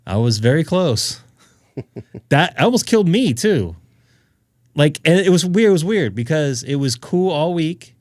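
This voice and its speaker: Lively, rambling ham radio streamer. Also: male voice, fairly high pitch, a little slow, dry recording, clean studio sound. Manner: rambling and jokey, laughs often. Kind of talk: casual chat on a live stream.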